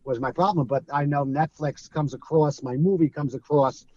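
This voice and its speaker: A Brooklyn native in middle age with a New York accent tells animated stories as an interview guest, drawing on his days as a streetball player. He acts out the people he quotes and laughs often during the casual chat. His voice is on the high side at normal speed, and the recording is muffled with no echo.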